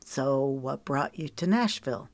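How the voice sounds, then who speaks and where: A woman reading as a tired, curious male country music star in an audiobook, speaking in a low, quiet voice with probing questions. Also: lively intonation, measured pace, no echo, exaggerated voice.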